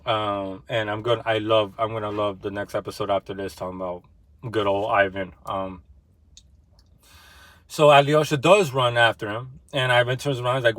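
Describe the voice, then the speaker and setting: A man's voice: lowish voice, normal speed, fairly bright tone, dry recording. A young man casually retelling a novel, loose and slangy, with lots of fillers and some swearing. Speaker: book discussion vlogger.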